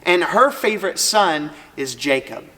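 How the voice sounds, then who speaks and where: A teacher retelling a Bible story to students in a casual, lively way with joking asides. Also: mid-range voice, a little slow. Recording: long hall reverb.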